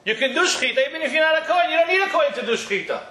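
A man's voice: very high-pitched, animated, racing, sharp tone, echoey room, voice pushed up, exaggerated voice. A man doing an eager clever boy.

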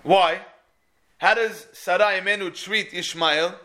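A man giving a sermon, telling stories with lively energy and acting out the people in them. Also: sits high, moderate pace, long pauses. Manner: animated storyteller who acts out the people in his stories. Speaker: speaker giving a religious talk. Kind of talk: sermon with storytelling.

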